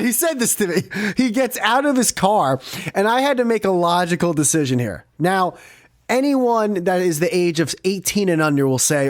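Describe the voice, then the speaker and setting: A man hosting a podcast, telling a story in an animated, profane way and laughing often. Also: high-pitched, normal speed, dry recording, clean studio sound. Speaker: podcast host. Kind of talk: casual storytelling chat.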